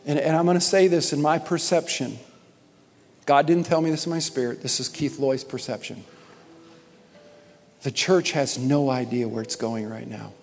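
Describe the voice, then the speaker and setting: A man preaching a sermon as pastor, impassioned, swinging from shouts down to quiet, probing questions. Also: mid-range voice, normal speed, pauses often. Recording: music and long hall reverb.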